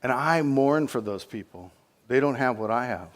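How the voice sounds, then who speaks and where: A middle-aged man preaching a sermon as pastor, with emphatic repeated phrases, swinging from loud passion to hushed intensity. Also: medium pitch, expressive, normal speed.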